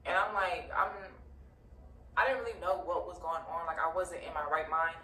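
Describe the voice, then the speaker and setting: A woman recounts a personal story in a loose, candid storytime manner, swearing freely and leaning on "like" as she talks. Her voice sits a little low and comes from a distance in a roomy space, with a faint ambient hiss underneath. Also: normal speed, bright, forceful tone. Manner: candid, profane, heavy use of "like". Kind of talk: casual storytime vlog.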